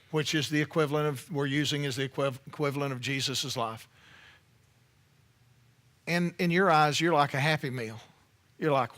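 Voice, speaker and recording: A man delivers a sermon in a high, bright voice. He preaches in a loose, conversational way and keeps turning to the congregation with playful asides. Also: fairly even intonation, moderate pace, long pauses. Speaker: pastor.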